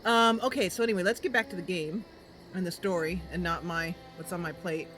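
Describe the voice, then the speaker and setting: Her voice is lowish and brisk with fairly even intonation. While playing a role-play game on a live stream, with game music in the background, this streamer chats casually with viewers, full of giggles and fillers.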